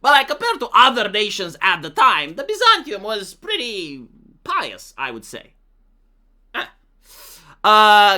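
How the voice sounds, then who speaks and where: A man with a Romanian accent gives casual commentary on viewer comments. His voice is bright and lively, and he swings his pitch freely. He leans on "like" and pauses while he thinks aloud. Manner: talks with many "like" fillers, reads comments out in a mocking voice. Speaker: commentary YouTuber.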